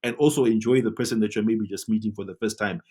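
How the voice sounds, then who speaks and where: Husky man coaching with a lively push. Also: on the low side, fast. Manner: animated, coaching, asks rhetorical "right?". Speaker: web design teacher. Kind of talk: tutorial talk to camera.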